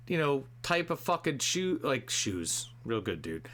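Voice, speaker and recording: A man hosting a live show, ranting profanely and swinging between shouting and muttering to himself. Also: mid-range voice, sing-song, unhurried, hardly any pauses. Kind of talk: profane comedic rant.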